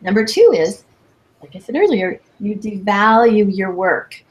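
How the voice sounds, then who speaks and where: A woman in her fifties, a coach talking as a guest in a casual interview, lively and emphatic. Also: medium pitch, measured pace. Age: 50s. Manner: lively, emphatic, quotes people in playful voices.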